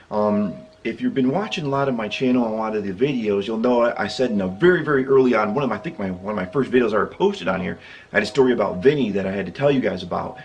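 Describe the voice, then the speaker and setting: A man from the Midwest tells a story to his channel's viewers at an easy, middling pitch. He rambles, doubles back on himself and keeps breaking into laughter. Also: a little mellow. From American Midwest. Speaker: YouTube storyteller. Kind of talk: casual storytime narration.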